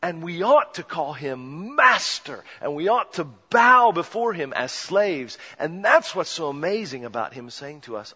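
A man preaching a sermon, swinging from hushed near-whispers to loud impassioned cries, recorded in a church. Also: fairly high pitch, sing-song, measured pace, hardly any pauses, husky. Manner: dramatic swings from hushed to shouting. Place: church sanctuary. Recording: muffled church recording with long reverb.

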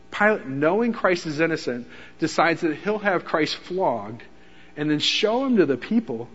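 A man preaching a sermon, his voice sitting a little high as he tells the story with animated energy. He acts out the quoted lines with rising intensity. The sound is a bit dull and carries a long reverb, as in a church hall. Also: slightly rough.

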